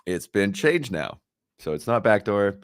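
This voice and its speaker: A man's voice: on the low side, sing-song, a little slow, clean tone, no room sound, clean studio sound. A man co-hosting a tech podcast, upbeat and casual, laughing often as he talks through the news. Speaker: podcast co-host.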